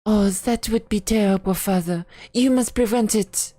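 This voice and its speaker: A woman voicing a naive young daughter who speaks in a high, earnest, pleading way. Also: normal speed, warm tone, dry recording, lightly acted. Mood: anxious.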